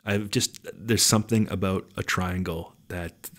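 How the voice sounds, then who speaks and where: A man's voice: sits low, fairly even intonation, a little slow, a bit bright. A man hosting a casual listener Q&A podcast, laid-back and rambling, swearing now and then, with his voice starting to go. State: losing his voice. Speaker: podcast host.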